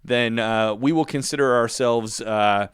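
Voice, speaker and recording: A man's voice: mid-range voice, measured pace, clean tone, dry recording, studio quality. A man co-hosting a podcast in casual chat, enthusiastic and affirming. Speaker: podcast co-host.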